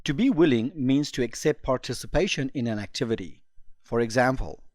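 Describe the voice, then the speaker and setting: A male teacher narrates an English lesson with careful, clear explanations. His voice sits in a middle pitch. It is recorded close and dry, with no room sound. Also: expressive, darkish tone, no echo. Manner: slow, clear explanations for learners.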